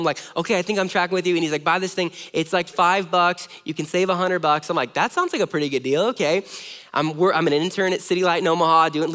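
A man in his thirties from Southern California preaching a sermon, telling a self-deprecating story with animated energy. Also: sits high. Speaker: pastor. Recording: long hall reverb.

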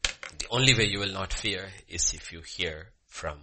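Male pastor, fervent sermon delivery; bright, husky tone. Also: sits low, moderate pace. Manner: fervent, emphatic, repeats phrases, swings between loud and hushed. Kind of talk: sermon with opening prayer.

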